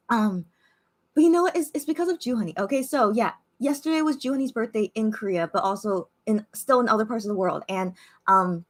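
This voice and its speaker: A woman's voice: a little high, fairly bright tone. A young woman hosting an early-morning live stream from home, rambling emotionally with many restarts and fillers in casual chat.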